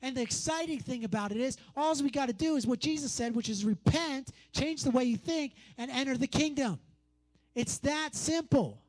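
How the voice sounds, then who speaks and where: A man's voice: very high voice, moderate pace, a little mellow. Emphatic male preacher, repetitive and conversational. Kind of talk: sermon.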